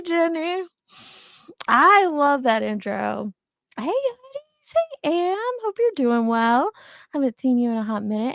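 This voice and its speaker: A woman's voice: on the high side, no room sound, studio quality. An older woman hosting a casual livestream, greeting viewers by name and laughing often in a chatty way. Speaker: livestream host. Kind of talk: casual live chat.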